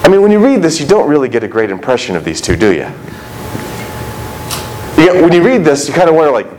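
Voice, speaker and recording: Animated, high-voiced preaching man. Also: fast talker, background noise. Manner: animated, conversational, jumping into quoted voices. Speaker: pastor. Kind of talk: sermon.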